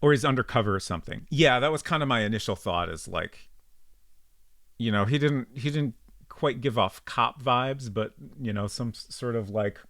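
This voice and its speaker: A man's voice: mid-range voice, moderate pace, fairly bright tone, dry recording, studio quality. A man streaming an old detective game, thinking aloud in a casual, rambling way with frequent ums as he works things out. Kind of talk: casual let's-play commentary.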